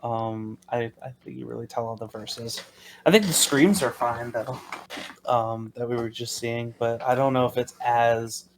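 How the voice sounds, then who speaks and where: A man with a mid-pitched voice co-hosts a casual podcast. He jokes and drags out words for emphasis. He talks loosely, with pauses and fillers. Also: fairly even intonation, slight background noise. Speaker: podcast co-host. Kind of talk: casual chat.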